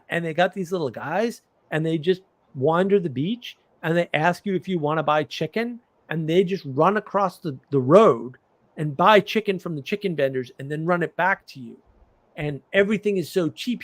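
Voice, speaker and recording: A man's voice: a little high, normal speed, no room sound. A man hosting a livestream, telling stories in casual chat and acting out incredulous reactions. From United States. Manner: animated, mimics others with incredulous outbursts. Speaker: livestream host.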